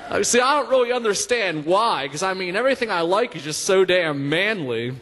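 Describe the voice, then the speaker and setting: Young male stand-up comic, high voice, rambling and filler-heavy, laughs at own jokes, long hall reverb. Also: lively intonation, fairly quick, a bit bright. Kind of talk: stand-up comedy set. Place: stage in a hall.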